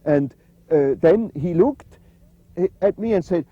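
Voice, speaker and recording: An older man, answering interview questions in a halting, reflective way with many fillers. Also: medium pitch, mellow, highs cut off. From Switzerland. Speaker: interview guest.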